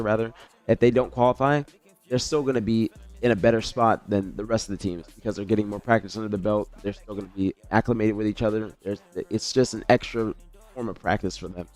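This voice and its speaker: A man's voice: lowish voice, a little mellow. A man streaming live, talking casually in a loose, rambling way, correcting himself mid-sentence and swearing now and then.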